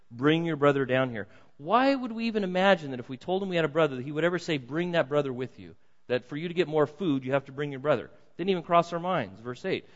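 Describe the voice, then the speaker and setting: Older male pastor preaching, punchy dramatic readings and quiet asides, long reverb, slightly muffled sound. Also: medium pitch. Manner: lively, swings between loud dramatic reading and soft asides. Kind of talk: sermon. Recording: dull sound in a big reverberant hall.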